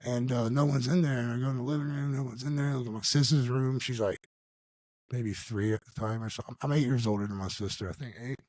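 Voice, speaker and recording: A man tells a personal story on a podcast in a loose, slangy way, throwing in dude and bro as he goes. His pitch sits in the middle range for a man. The recording is close and dry, with no room sound. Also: fast, dry recording. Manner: animated, slangy, calls the listener dude and bro. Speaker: podcast guest. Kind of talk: casual storytelling.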